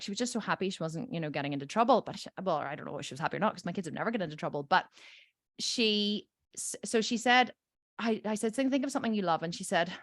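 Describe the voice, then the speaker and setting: A mother and coaching podcast host delivers a storytelling monologue in a medium-pitched voice, emphatic and full of swearing, acting out the quoted voices of the people in her story. There is no room sound.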